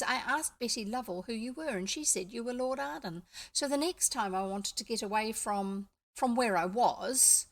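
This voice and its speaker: A woman's voice: on the high side, natural voice. A woman voicing a bold, scornful boy from an earlier century. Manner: confident, scornful.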